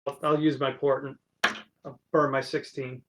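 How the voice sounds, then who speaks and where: A man's voice: medium pitch, flat delivery, moderate pace, background noise. A man playing a tabletop game, thinking aloud and hesitating over his choices. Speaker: player. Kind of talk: casual tabletop game talk.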